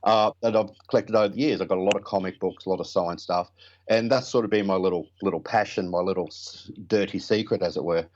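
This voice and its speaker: Blokey man, low muffled voice. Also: steady tone, fast talker. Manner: rambling, blokey, swears casually. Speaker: prop builder guest. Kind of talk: casual storytelling interview.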